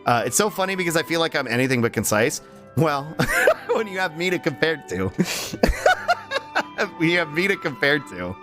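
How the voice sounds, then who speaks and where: A man's voice: a little high, very animated, moderate pace, long pauses, a bit bright, faint music behind. A man streaming and chatting casually with his viewers, rambling with lots of ums and restarts, his voice tired and strained. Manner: rambling, many um and uh restarts, laughs easily. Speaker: livestreamer. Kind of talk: casual stream chat, reading chat aloud.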